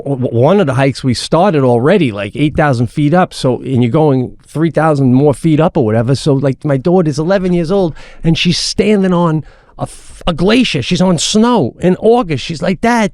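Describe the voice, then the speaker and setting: A middle-aged man co-hosting a podcast, telling a family story in a casual, animated way and swearing freely. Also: medium pitch, dry recording, clean studio sound. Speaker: podcast co-host.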